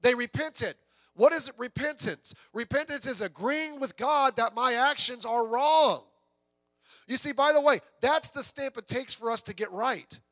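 A high-voiced man preaches in a loose, conversational way, full of asides and rhetorical questions. The sound is dry and close, with no room echo. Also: a bit bright. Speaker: pastor. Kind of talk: sermon.

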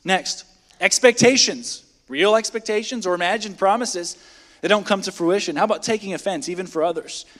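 Speaking at normal speed in a high, fairly bright voice, a man delivers a midweek sermon in the church sanctuary. His style is conversational, peppered with rhetorical questions aimed at the congregation, all carried by long hall reverb.

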